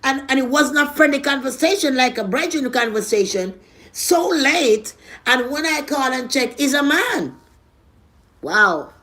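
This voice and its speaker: A woman with a Jamaican accent tells a personal story to her viewers in casual vlog style. Her voice sits a little high for a woman. She talks bluntly with heavy swearing and swings between loud, punchy moments and quiet asides. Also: unhurried. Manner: animated, blunt and profane, swings loud and soft. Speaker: vlogger.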